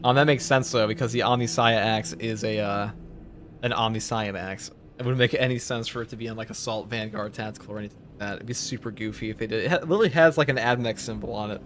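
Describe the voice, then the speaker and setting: A streamer chats loosely over his gameplay, rambling from joke to joke with lots of filler words. His voice is fairly low, quick and fairly bright, and a faint hum sits in the background.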